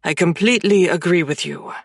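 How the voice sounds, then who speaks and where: A woman reading an audiobook voices a suave, sardonic French male friend, pitched lower than her own voice. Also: a little fast, vocal fry, no echo, clean studio sound. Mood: teasing. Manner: playful, sardonic.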